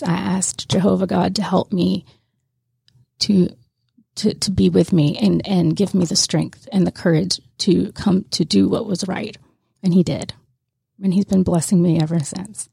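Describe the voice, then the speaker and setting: A woman with a deep, gravelly rasp and a husky, breathy edge tells a candid personal story. Her tone is mellow and dark, and she laughs easily and restarts her sentences as she goes. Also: steady tone, measured pace, no echo, studio quality. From Mississippi. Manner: emotional, laughs often, many restarts. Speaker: guest.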